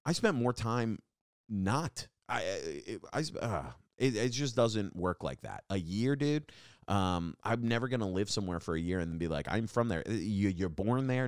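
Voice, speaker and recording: A young man from Long Island talks through a casual podcast monologue in a very low voice. He rambles, swears freely and gets animated when he rants. The sound is dry and close. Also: normal speed, clean tone, no echo. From Long Island, New York. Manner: rambling, profane, animated ranting. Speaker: podcast host.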